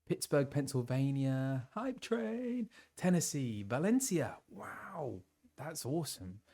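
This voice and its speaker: A young British man chatting casually on a live stream and greeting viewers, his voice a little low as he recovers from laryngitis. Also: big pitch swings, slow, dark tone. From England. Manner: chatty, reads out viewers' messages with laughs and fillers. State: recovering from laryngitis, voice lower than usual.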